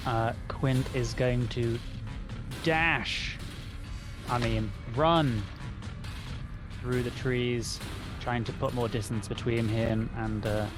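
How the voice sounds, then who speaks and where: A man's voice: medium pitch, fairly even intonation, slow pace, long pauses, music in the background. A man playing a tabletop game, talking through his character's turn with hesitant fillers. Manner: hesitant, many fillers, explains rules. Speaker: player. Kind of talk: tabletop game play over voice chat.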